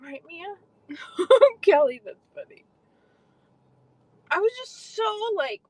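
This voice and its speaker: Young woman ranting on her stream, swears a lot, super expressive voice going up and down. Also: very high voice, takes it slowly, pauses often, dry recording, low-quality recording. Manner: animated, swears freely, reads and answers viewer comments. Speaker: livestream host. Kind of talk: casual livestream chat.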